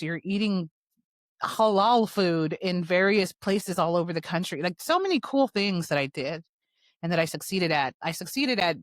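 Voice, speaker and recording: A woman hosting her own show, telling a personal story in a fast, animated, blunt way. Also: fairly low pitch, dry recording. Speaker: show host.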